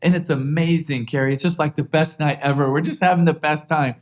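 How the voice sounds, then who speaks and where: A man in his thirties, the guest on an interview podcast, telling a story earnestly with many restarts and rising excitement. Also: fairly high pitch, brisk.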